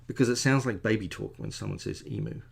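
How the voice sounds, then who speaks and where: Creaky-voiced man rambling while drawing. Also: on the low side, fast. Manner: chatty, digressive, self-deprecating. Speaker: artist drawing a commission.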